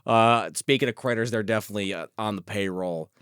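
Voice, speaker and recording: A man's voice: lowish voice, a little fast, smooth, no room sound, studio quality. A man co-hosting a casual movie review podcast, swearing freely and acting out scenes in goofy voices. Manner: animated, swearing, acting out lines in silly voices. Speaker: podcast co-host.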